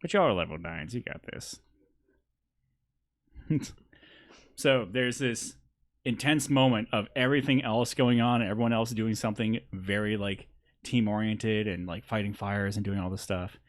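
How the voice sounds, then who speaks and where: A man's voice: fairly low pitch, moderate pace. A young man running a tabletop game as game master, narrating loosely and laughing often.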